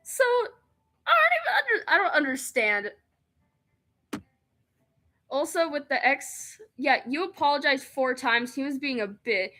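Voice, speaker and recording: Young woman rambling thru a game stream, bright voice, a bit high, laughs a lot. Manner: excitable, rambling, quick to laugh. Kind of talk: casual let's-play chat, reading game text aloud.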